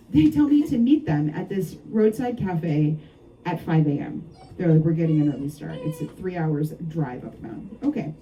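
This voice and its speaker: A woman novelist telling anecdotes about her book at a bookshop event, lively and laughing often between asides. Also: sits low, distant mic, slight background noise, low-quality recording. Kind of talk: storytelling talk at a book event.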